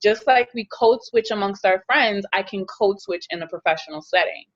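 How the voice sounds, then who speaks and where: A woman speaking in a casual panel discussion, earnest and measured. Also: medium pitch, highs cut off.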